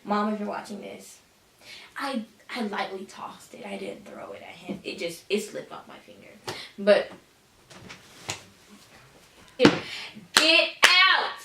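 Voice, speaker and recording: A woman's voice: medium pitch, moderate pace, creaky, recorded from a distance, a little hiss or hum. A teenage girl tells a storytime vlog casually, with sass and dramatic asides. She sits a little back from the mic. The room around her sounds echoey. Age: teens. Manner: sassy, dramatic, says "honey". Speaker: vlogger telling a story.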